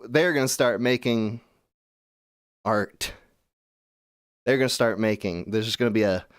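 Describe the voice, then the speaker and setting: A man's voice: lowish voice, clear, resonant tone, dry recording, studio quality. A man hosting a call-in show, ranting in a cynical, profane, rambling way. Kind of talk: casual rant.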